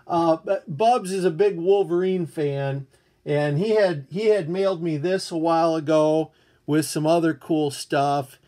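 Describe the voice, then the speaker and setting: A man's voice: fairly high pitch, fairly even intonation, a little slow, dark tone. An older man hosting a rambling live-stream chat, greeting viewers and showing comics. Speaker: comic book YouTuber.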